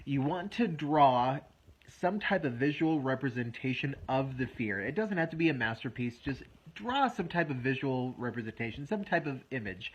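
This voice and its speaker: A man in his thirties, a wellness coach, explaining a method step by step in a relaxed, self-deprecating way. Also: mid-range voice, lo-fi sound, a little hiss or hum. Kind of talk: instructional talk to camera.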